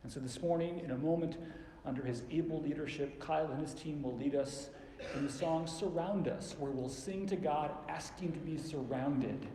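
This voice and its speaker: Mellow preacher in an echoey church. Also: male voice, fairly high pitch, slight background noise. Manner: slows down and drops soft for emphasis. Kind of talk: sermon. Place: church sanctuary.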